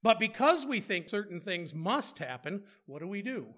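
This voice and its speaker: High, lively-voiced male preacher. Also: moderate pace. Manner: rhetorical questions and playful asides. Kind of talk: conversational sermon.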